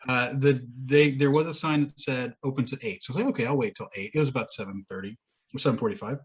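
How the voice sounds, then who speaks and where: Husky man rambling through a story. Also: medium pitch, fast. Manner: rambling storyteller, swears and laughs often. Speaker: podcast co-host. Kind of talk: casual chat.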